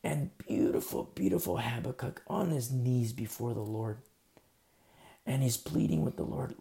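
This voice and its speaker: Gravelly pastor guy preaching, mellow dark voice, gets loud then drops real quiet. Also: mid-range voice, unhurried. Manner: emphatic and conversational, swinging from loud to hushed. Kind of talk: sermon.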